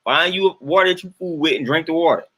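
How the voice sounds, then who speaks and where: A man's voice: on the high side, fast, fairly bright tone, husky. A young man hosting a live-stream rant, answering his chat and sounding exasperated and emphatic, often repeating himself for effect. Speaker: host ranting to live chat.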